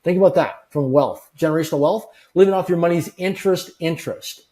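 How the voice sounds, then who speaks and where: A man's voice: sits high, quick pace, warm tone. A man telling motivational stories as an interview guest, earnest and emphatic, repeating key phrases and acting out quoted dialogue. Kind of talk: motivational storytelling.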